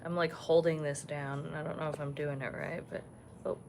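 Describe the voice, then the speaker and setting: A woman hosting a casual livestream from a resort balcony, chatting softly and gushing over the animals she sees. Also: sits low, flat delivery, a little fast, vocal fry, slight background noise. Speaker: vlog host. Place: resort balcony overlooking savanna, outdoors.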